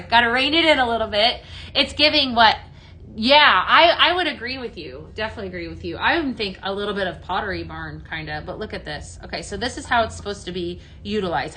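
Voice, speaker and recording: A woman's voice: mid-range voice, bright, forceful tone. A woman from the American Midwest hosting a live product demo, chatty and enthusiastic, greeting viewers by name. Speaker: home fragrance consultant hosting a live sale.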